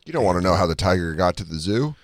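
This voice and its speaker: A man's voice: sits low, very animated, quick pace, no room sound, studio quality. A man co-hosting a podcast, riffing jokes, swearing and acting out little bits. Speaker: podcast co-host. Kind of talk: casual comedic chat.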